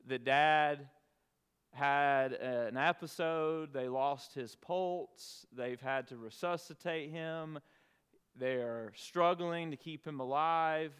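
Pastor, male, smooth clear voice, earnest storytelling sermon with pauses, big reverberant room. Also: fairly high pitch, a bit bright. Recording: long reverb of a large hall.

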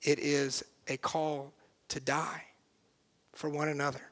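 Earnest, high-voiced male pastor preaching. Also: level tone, takes it slowly. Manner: earnest and emphatic, swinging from hushed to loud. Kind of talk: sermon.

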